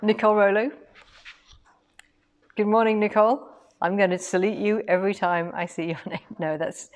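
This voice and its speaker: Chatty English woman hosting a live stream. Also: mid-range voice. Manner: chatty and lively, reading out viewer comments. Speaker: quilting shop host.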